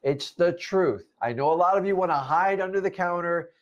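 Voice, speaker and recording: A man's voice: high voice, moderate pace, muffled recording. Blunt man in his fifties lecturing. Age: 50s. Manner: blunt, preachy, mocks complainers in put-on voices. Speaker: real estate investing coach. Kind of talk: motivational talk to camera. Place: lives in Florida.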